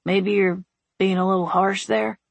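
A woman voicing a wry, patient man with a dry, steady, gently teasing manner. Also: mid-range voice, measured pace, gravelly, dry recording.

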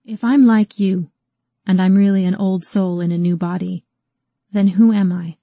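A woman narrator voicing a strong-willed young woman who is shaken and quick to flare, speaking with intensity. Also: fairly even intonation, dry recording, dull audio, natural voice. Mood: demanding. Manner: intense, her pitch leaping up as she grows angry.

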